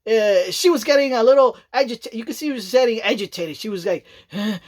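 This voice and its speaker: A woman's voice: on the high side, fairly quick, a little mellow. Rambling, chatty woman vlogger. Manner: rambling, chatty, repeats "you know what I mean", laughs often. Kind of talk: casual rambling monologue.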